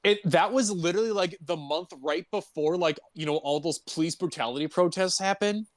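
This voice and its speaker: Rambling man with a slightly high voice. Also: fairly quick, no room sound, studio quality. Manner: rambling, laughs easily. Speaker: podcast co-host. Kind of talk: casual chat.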